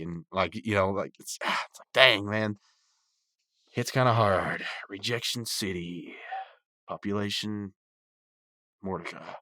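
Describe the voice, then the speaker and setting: A man with a low voice hosts a podcast, loosely recapping a cartoon episode. He rambles and piles up fillers as he goes. The sound is dry and close, with no room around it. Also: a little slow, long pauses, sharp tone, no echo. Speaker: podcast host reviewing a cartoon. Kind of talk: casual recap and review.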